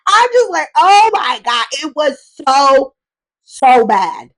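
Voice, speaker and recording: Woman host, slightly high voice, chatty and animated, acts out quotes. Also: low-quality recording. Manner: animated, acts out characters' lines in quick put-on voices. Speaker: host recapping a soap opera. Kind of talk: casual chat.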